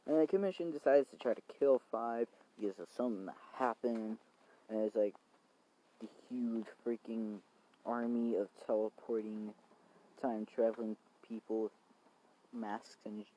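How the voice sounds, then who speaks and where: Young male vlogger, mellow voice, rambling and swearing, outdoors, faint noise behind. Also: fairly low pitch, normal speed, rough recording. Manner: rambling, swears, many fillers. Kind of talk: casual rambling recap. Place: outdoors in the cold rain.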